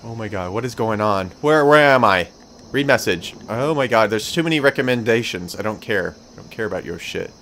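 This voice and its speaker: A young man talks through his video game as he plays, excitable and swearing freely. His pitch swings widely as he mutters and cheers to himself. A faint background noise sits under the recording. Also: a little fast. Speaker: gameplay commentator. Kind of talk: let's play commentary.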